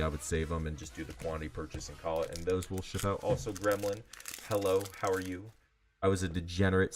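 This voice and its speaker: A man talks in a loose, filler-heavy way while he hosts a card-selling livestream. His voice sits very low. Soft music plays quietly in the background. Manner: rambling and chatty, heavy on fillers. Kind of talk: casual livestream chat.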